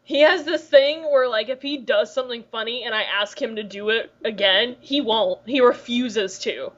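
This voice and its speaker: A chatty woman hosts a casual podcast, her voice sitting a little high. She laughs often and keeps things loose, captured on a dull, lo-fi recording. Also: moderate pace. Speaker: podcast host. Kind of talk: casual chat.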